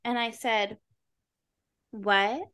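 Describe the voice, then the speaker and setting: Woman co-host, a touch high-pitched, quick jokes and casual anecdotes. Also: fairly even intonation, fairly bright tone, smooth. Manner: joking interjections, self-deprecating anecdotes. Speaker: podcast co-host. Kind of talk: casual chat.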